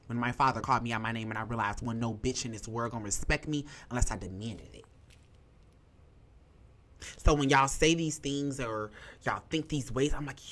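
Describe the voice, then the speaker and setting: A young adult podcast host with a bright voice, telling a personal story candidly. The talk is emphatic and profane and full of fillers. The host sounds emotional and is holding back tears. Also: mid-range voice, normal speed.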